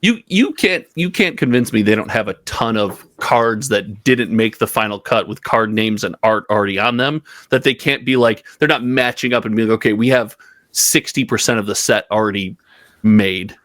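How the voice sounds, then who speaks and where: A man's voice: medium pitch, normal speed, few pauses, fairly bright tone, no room sound, studio quality. A man in casual podcast chat, playfully teasing and ribbing the others.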